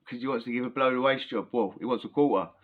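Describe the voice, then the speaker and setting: A man's voice: mid-range voice, racing, narrow, tinny audio. A young man casually telling a prison story, chatty and full of slang, often breaking into laughter.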